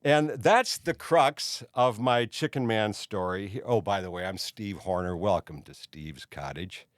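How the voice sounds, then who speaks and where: A man's voice: lowish voice, expressive, unhurried, no room sound, studio quality. An older man hosting his own show, telling a long rambling anecdote in casual chat, dropping "you see" again and again. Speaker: host. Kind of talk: casual storytelling monologue.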